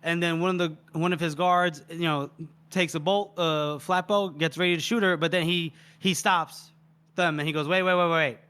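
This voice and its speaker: A man with a slightly high voice retells a book scene in a chatty podcast style. He talks in an animated, loose way and swears freely. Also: moderate pace, clear, resonant tone. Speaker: podcast co-host. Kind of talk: casual book-discussion retelling.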